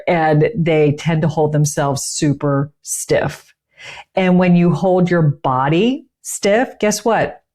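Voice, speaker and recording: A middle-aged woman with a deep, darkish voice offers conversational teaching tips straight to camera. Working as a communication coach, she stresses key words while explaining.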